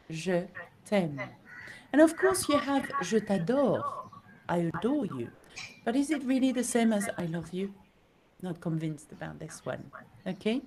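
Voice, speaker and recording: A woman teaching a French lesson, speaking slowly and checking in with the listener often. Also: mid-range voice, a little mellow, a little hiss or hum, low-quality recording. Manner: slow, teacherly, often asks okay. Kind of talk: recorded language lesson.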